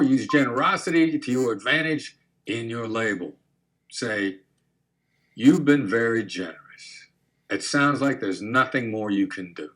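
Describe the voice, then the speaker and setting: Calm man teaching negotiation tactics. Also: medium pitch. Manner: calm, measured explaining with demonstrated inflections. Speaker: negotiation instructor. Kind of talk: instructional talk to camera.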